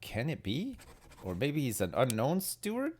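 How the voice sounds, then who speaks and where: A British man streams a game, muttering and puzzling things out aloud as his pitch swings wildly. He speaks at normal speed in a slightly mellow voice, with slight background noise and faint game music behind.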